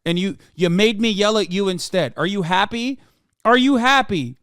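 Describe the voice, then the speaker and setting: A man in his thirties hosting a livestream, reading and answering chat in a profane rant that swings from mumbling to yelling. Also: sits high, moderate pace, clean tone, dry recording, clean studio sound. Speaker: streamer.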